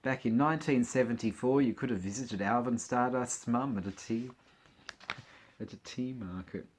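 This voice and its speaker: A man with a mid-range voice chats casually at a moderate pace as a vlogger, flipping through an old magazine. He's chatty and giggly, tossing out joking asides and laughing to himself as he goes.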